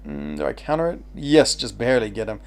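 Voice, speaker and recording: A man's voice: lowish voice, very animated, fairly quick, a little mellow, clear, resonant tone. A man chatting casually while streaming a mobile game, thinking aloud, answering chat and laughing easily. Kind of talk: casual live gameplay commentary.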